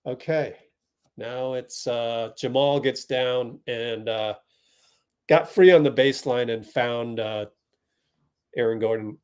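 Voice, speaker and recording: A young man from the Bay Area hosting a fan watch party, giving chatty live play-by-play that spikes with excitement on big plays. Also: medium pitch, slow, long pauses, smooth.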